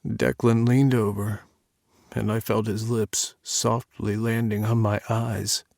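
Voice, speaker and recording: A man narrating a first-person audiobook in a measured, intimate reading on a close studio mic. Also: on the low side, little pitch movement, creaky, darkish tone, no echo.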